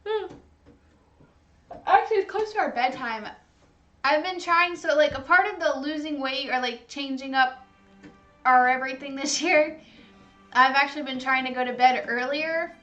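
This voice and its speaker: A woman's voice: high-pitched, moderate pace, pauses often, bright, forceful tone, muffled recording, soft background music. A woman hosting a livestream, chatting casually while eating, gushing and talkative with many "like"s. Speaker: livestream host.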